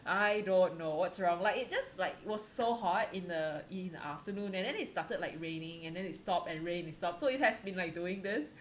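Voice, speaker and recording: A woman's voice: fairly low pitch, normal speed, few pauses, slight background noise. A woman hosting an art livestream in casual, chatty talk, giggling often and filling her speech with "like" and "um". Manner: chatty and giggly, full of fillers.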